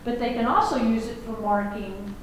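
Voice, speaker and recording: A woman's voice: a little high, moderate pace, slight background noise. A woman teacher giving a classroom lecture, folksy and chatty, checking in with the class. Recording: echoey classroom from far off.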